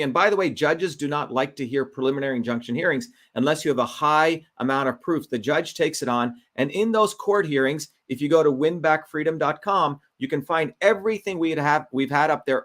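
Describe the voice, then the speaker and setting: A man's voice: fairly high pitch, fairly bright tone. A middle-aged man, a Senate candidate, telling his story in an indignant, emphatic way and repeating his key points. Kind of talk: impassioned political monologue.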